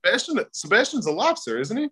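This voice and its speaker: A man co-hosting a podcast who cuts in with quick questions during casual chat. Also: high-pitched, big pitch swings, fairly bright tone, slightly rough. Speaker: podcast co-host.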